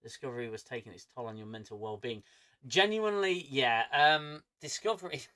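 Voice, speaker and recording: A man's voice: medium pitch, brisk, pushed and bright. A man with an angry manner who swears a lot, ranting casually on his livestream from home. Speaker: streamer.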